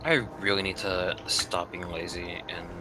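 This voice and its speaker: A man's voice: low-pitched, little pitch movement, normal speed, music in the background. A man in casual voice-call chat, blunt and grumbling. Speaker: friend on voice call.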